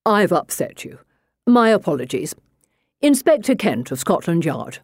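A woman playing a calm, dry male inspector. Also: lowish voice, a little slow, breathy edge, dry recording, heavily acted. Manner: calm, lightly condescending. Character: dry, cool-headed male police inspector. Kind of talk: audiobook narration.

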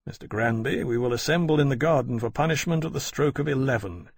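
A formal captain hands down orders in a clipped, quietly severe way, as a male narrator voices him. His voice is gravelly and husky, recorded dry and close. It suits a storybook of naval discipline. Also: medium pitch, fast talker, dry recording. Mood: stern. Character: stern, formal naval captain, adult man. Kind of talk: audiobook character voice.

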